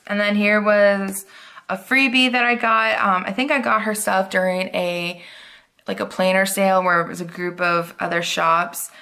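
A woman chatting through an unboxing haul, gushing and excitable, sometimes dropping to a whisper. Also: fairly low pitch. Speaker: planner vlogger. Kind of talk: casual unboxing chat.

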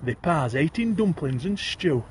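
A man's voice: on the high side, sing-song, unhurried, a little mellow, slight background noise. A man with a broad Yorkshire accent reciting comic rhyming verse, addressing the listener as thee. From Yorkshire, England.

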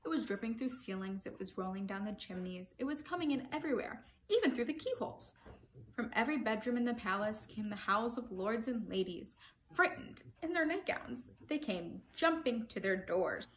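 A woman's voice: fairly high pitch, moderate pace, a little hiss or hum. Woman reading a storybook aloud. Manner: expressive, animated storytelling. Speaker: children's book reader.

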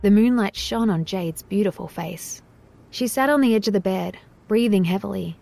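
A woman narrating an audiobook in an even, measured reading. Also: mid-range voice, creaky, faint music behind.

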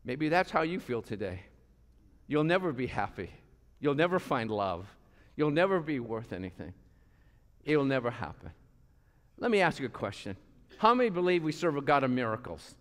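A man preaching a passionate sermon as pastor of a church, swinging between loud calls and quiet asides. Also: mid-range voice, very animated, moderate pace, pauses often. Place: church sanctuary. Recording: long hall reverb.

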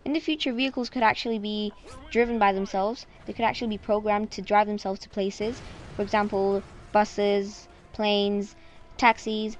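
A woman's voice: mid-range voice, little pitch movement, moderate pace. A woman talking casually in a vlog, chatty and full of "like" fillers. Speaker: vlogger.

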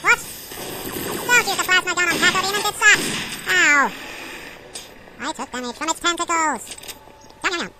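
A man voicing a hyper cartoon male chipmunk, chatting through a game in a squeaky, chipper voice with a pitched-up effect. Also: moderate pace, long pauses, very noisy. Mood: excitable. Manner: chatty, talks to enemies and himself. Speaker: let's play commentator. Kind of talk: game commentary in character.

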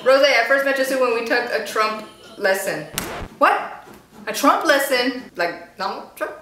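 A woman's voice: a little high, lively intonation, unhurried, pushed and bright, a little hiss or hum. A woman hosting a reaction video at home, chatting playfully and talking back at the screen. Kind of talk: casual reaction commentary. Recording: roomy echo, distant from mic, faint music.

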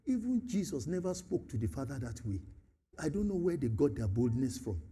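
A Nigerian man preaching a sermon, animated, acting out dialogues and slipping into Pidgin and Yoruba. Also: mid-range voice, normal speed, husky. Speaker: pastor.

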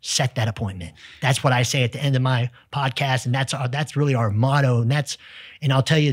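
A Texan man, a sales executive, telling lively business stories as a podcast guest, acting out the people in them. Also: mid-range voice, breathy edge, no room sound, studio quality. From United States. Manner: energetic, tells stories with quoted dialogue. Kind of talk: storytelling in conversation.

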